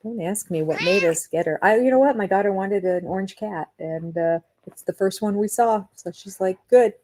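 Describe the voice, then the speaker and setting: A woman's voice: medium pitch, normal speed, a little mellow. An older woman hosting a casual live stream, chatty and opinionated, laughing often as she talks from home. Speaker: reality TV review host. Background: cat nearby.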